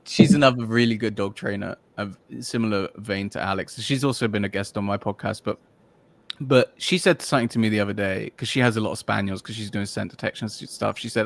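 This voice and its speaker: A man's voice: fairly low pitch, steady tone, brisk, vocal fry. A man guesting on a podcast, talking casually and at length, full of fillers and restarts as he searches for words. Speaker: podcast guest, dog trainer. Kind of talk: casual interview chat.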